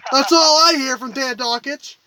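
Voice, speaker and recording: A man co-hosting a casual sports podcast, blunt and quick to argue. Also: very high-pitched, noisy background. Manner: blunt, argumentative. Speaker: podcast co-host.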